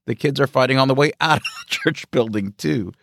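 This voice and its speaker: A man hosting a podcast, chatting in a relaxed, wry and affirming way. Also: mid-range voice, a little fast, vocal fry, dry recording, studio quality. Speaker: podcast host. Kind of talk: conversational podcast talk.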